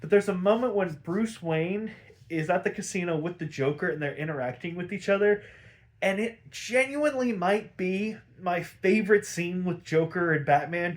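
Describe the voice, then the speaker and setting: A young man casually recapping a cartoon episode, rambling, swearing often and getting worked up. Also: high-pitched. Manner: profane, gets worked up and exasperated; rambling with many "like" fillers. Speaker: show recap host.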